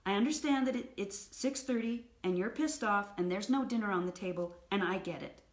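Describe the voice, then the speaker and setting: A woman voicing an overwhelmed wife who talks in a sharp, sarcastic and raised way, quoting her while retelling a story. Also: mid-range voice, brisk, natural voice. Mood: exasperated. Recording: roomy echo.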